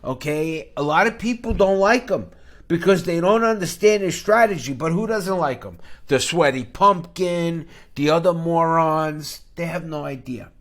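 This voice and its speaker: A man's voice: on the high side, normal speed, a bit bright. Brash joking man hosting a finance show. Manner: brash, jokey, jumps between topics. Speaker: finance channel host. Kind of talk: rambling podcast-style monologue.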